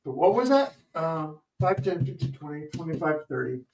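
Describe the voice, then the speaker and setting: A man's voice: a little high, big pitch swings, normal speed, gravelly. A man co-hosting a stream, crudely reading out comments and counting tallies. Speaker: stream co-host. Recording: roomy, distant mic with faint noise.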